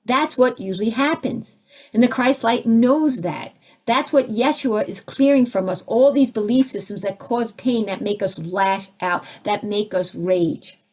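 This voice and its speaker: A woman leading a live spiritual teaching session, taking audience questions and acting out the voices of people she describes with big jumps in pitch. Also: unhurried, darkish tone. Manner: takes audience questions, conversational asides.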